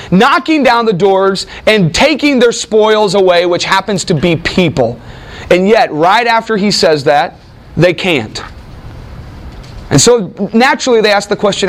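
A man's voice: high-pitched, animated, unhurried, a bit bright. A man teaching a Bible class, lecturing conversationally to a room of students and peppering the talk with rhetorical questions.

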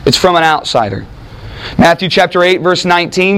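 A man preaching in a conversational Bible teaching, talking with his listeners and acting out quoted speakers with lively emphasis. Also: a little high, brisk. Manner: animated, acts out quoted speakers, frequent restarts. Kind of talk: conversational sermon with audience interaction.

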